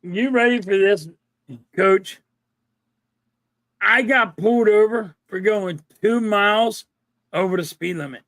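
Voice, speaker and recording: A man's voice: high voice, takes it slowly, pauses often, no room sound. A middle-aged man with a Philadelphia accent, co-hosting a casual podcast chat, telling stories with acted-out quotes and swearing freely. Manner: animated storyteller, acts out quotes, swears. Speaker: podcast co-host.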